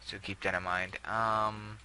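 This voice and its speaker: A man's voice: fairly low pitch, flat delivery, unhurried, pushed and bright, slight background noise, rough recording. A young man casually talking through a game build, rambling with many fillers and self-corrections. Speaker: gameplay video creator.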